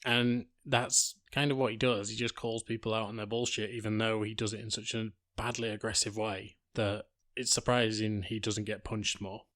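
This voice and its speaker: Man, low voice, flat delivery, dry close sound, casual podcast recap. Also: normal speed, hardly any pauses, no echo. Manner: casual retelling, blunt language. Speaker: podcast host.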